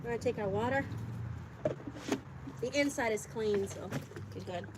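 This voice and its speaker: A chatty woman with a slightly high voice talks to her viewers and coos at her birds while she works at a backyard coop. Her phone picks up plenty of outdoor noise, with animals heard behind her. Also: moderate pace. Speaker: backyard chicken keeper hosting a livestream. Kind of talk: casual livestream chat. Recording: noisy outdoor phone stream.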